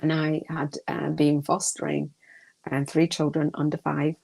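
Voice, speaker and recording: A woman's voice: low voice, completely flat delivery, a little slow, creaky, a little mellow, breathy edge. A middle-aged woman hosting a spiritual podcast, talking casually in a rambling, emotional way with many restarts. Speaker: podcast host.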